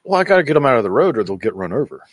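A man's voice: medium pitch, big pitch swings, very fast, no room sound, clean studio sound. A man co-hosting a podcast in casual chat, ranting heatedly with plenty of swearing. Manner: heated, profane rants. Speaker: podcast co-host.

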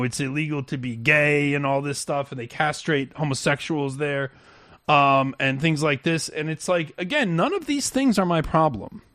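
A man's voice: fairly high pitch, a bit bright, no echo, studio quality. A man hosting a heated political chat, rambling and mocking with many restarts.

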